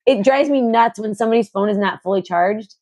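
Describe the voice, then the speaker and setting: A woman's voice: medium pitch, brisk, mellow, highs cut off. A young adult woman co-hosting a podcast in casual chat, talking in a rambling way full of fillers and restarts. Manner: rambling, filler-heavy, laughs often. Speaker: podcast co-host.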